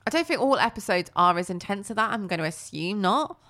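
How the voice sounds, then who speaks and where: A woman, chatting casually as a co-host and retelling a cartoon plot with lively, playful put-on voices. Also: fairly quick. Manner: animated storytelling with squeaky put-on character voices. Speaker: podcast co-host.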